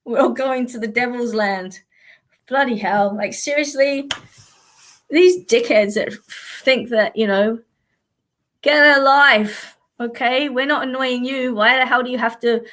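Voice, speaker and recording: A woman's voice: a little high, measured pace, pauses often, a bit bright. An Australian woman, a psychic, chatting casually on a live stream in a blunt, sweary way and often laughing.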